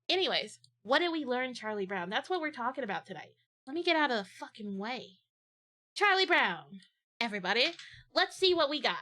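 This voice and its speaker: A woman's voice: a little high, pushed and bright. A woman streamer chatting casually on a watch-along stream, rambling playfully into silly bits.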